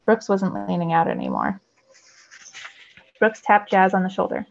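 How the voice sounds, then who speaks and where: Gravelly woman reading a novel aloud. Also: mid-range voice, normal speed, lo-fi sound. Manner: expressive storytelling. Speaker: teacher.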